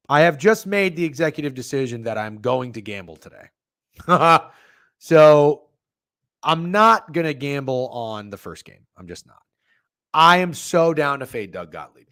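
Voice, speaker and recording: Rambling, profane betting-show host, lively pitch. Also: male voice, moderate pace, no room sound, studio quality. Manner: profane, rambling, self-interrupting. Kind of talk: live-streamed betting chat reading chat comments.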